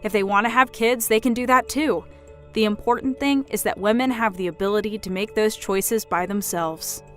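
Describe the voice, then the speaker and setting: A woman's voice: mid-range voice, normal speed, fairly bright tone, faint music behind, lightly acted. A woman voicing a young career woman who answers her mother politely but firmly. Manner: polite but firm, standing her ground.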